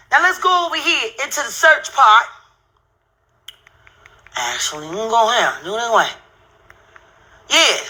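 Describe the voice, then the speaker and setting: A woman's voice: fairly high pitch, animated, unhurried, long pauses, pushed and bright. A middle-aged woman hosting her own channel, ranting angrily and profanely at viewers while counting through videos on screen. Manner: heated, cursing, repetitive, counts aloud sarcastically.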